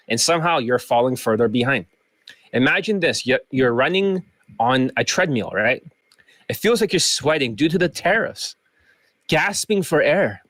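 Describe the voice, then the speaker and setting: A man's voice: a little high, fairly bright tone, no echo. A man coach talking in a rambling, joking vlog rant. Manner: rambling, joking, slips into mock accents.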